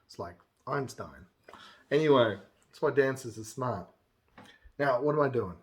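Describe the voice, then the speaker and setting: A man's voice: medium pitch, lively intonation, measured pace. A man casually teaching music theory, counting beats aloud and now and then singing a line. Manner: chatty, counts beats aloud and breaks into song. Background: acoustic guitar playing.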